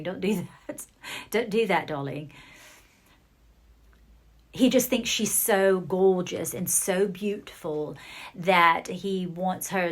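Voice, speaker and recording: A woman giving a channelled psychic reading, relaying messages in halting bursts with soft murmured asides. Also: fairly low pitch. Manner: hesitant, relaying what she hears in bursts. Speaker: psychic reader.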